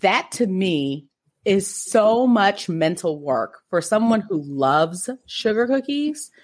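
A woman chatting casually as a podcast co-host, telling stories in an animated, playful way. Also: medium pitch, slow. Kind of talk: casual group chat.

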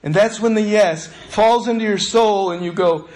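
A man's voice: sits high, moderate pace, a little mellow. A male pastor preaching a sermon in a conversational, storytelling way.

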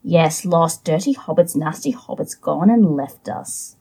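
A wretched, sulking creature mutters to himself in a low, hushed voice, as a woman reads him aloud. The tone sits well below her own. It has the feel of a book read aloud in a podcast. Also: expressive, measured pace, gravelly, slightly rough, heavily acted. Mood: sulky. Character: wretched hissing male creature muttering about fish.

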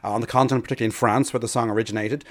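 A man's voice: mid-range voice, fairly even intonation. An Irish man, a bird expert and radio guest, explaining keenly in casual chat, often restarting and repeating words. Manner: fast, eager, with many restarts and repeated words.

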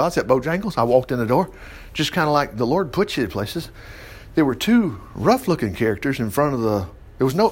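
A middle-aged man, teaching the Bible in a folksy, animated way with chuckling asides. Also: medium pitch, slightly rough. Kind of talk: informal Bible study commentary.

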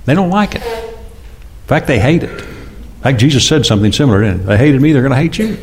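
A man in his sixties preaching a conversational sermon, often asking the congregation questions and acting out quoted speakers in louder, higher bursts. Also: very animated, fairly quick, slight background noise. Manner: chatty, asks the congregation questions, acts out God and James. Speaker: pastor.

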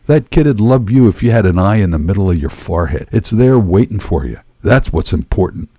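A man doing a gruff, blunt street hitchhiker. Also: lowish voice, lively intonation, a little fast, dark tone, no room sound, clean studio sound. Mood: earnest.

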